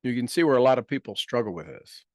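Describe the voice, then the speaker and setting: A man guiding a meditation, speaking softly and slowly, repeating each affirmation phrase with long pauses. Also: mid-range voice, animated, dry recording, clean studio sound. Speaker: meditation guide. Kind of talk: guided meditation with call-and-response affirmations.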